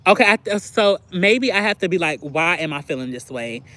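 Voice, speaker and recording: With lively intonation and a fairly quick pace, a woman whose voice is fairly low and a bit bright hosts a livestream. She chats candidly and casually with viewers, confessional in manner and full of filler words.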